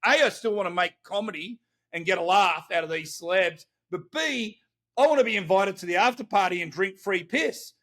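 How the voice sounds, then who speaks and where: An Australian man tells stories with lots of energy and frequent laughs in a relaxed podcast conversation. His voice sits high and sounds bright. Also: normal speed. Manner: animated storytelling, laughs often. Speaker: guest, celebrity interviewer. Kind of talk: casual podcast chat.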